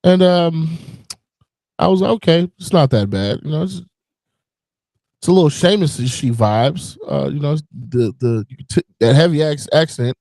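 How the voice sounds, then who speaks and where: A man's voice: a little high, moderate pace, dark tone, no room sound. A man co-hosting a casual wrestling podcast, blunt, profane and wisecracking. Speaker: podcast co-host.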